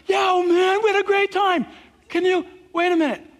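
A man voicing a jovial, overly affectionate drunk man who gushes loudly and laughs. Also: very high-pitched, steady tone, normal speed, pitched above the performer's own voice. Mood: rowdy. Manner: slurring buddy-buddy gushing, loud and laughing. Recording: long reverb, from farther off the mic.

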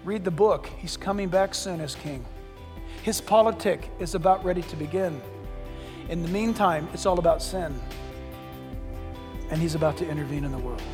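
A man preaching a sermon from a church pulpit, dramatic, dropping from loud bursts to hushed words. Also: on the high side, moderate pace, pauses often, music in the background. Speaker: pastor. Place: church sanctuary. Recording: long reverb of a large hall.

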